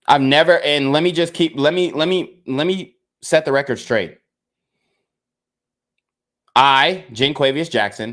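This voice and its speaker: A man's voice: medium pitch, measured pace, long pauses, fairly bright tone. A young man, a video creator, talking straight to his viewers in a frustrated, emphatic rant, repeating himself and swearing. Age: young adult. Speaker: content creator. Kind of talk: casual rant to camera.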